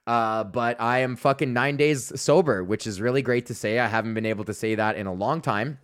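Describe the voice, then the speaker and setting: A man's voice: mid-range voice, brisk, a bit bright, clean tone. Swearing, rambling male comedian podcaster. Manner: rambling, swears constantly, laughs at own jokes, acts out voices in stories. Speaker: podcast host, stand-up comedian. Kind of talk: casual profane storytelling monologue.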